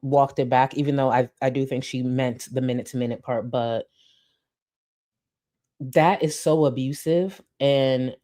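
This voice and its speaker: A woman's voice: a bass voice, fairly even intonation, unhurried, dark tone. A woman streamer giving blunt, emphatic commentary, swearing freely and reading chat comments aloud.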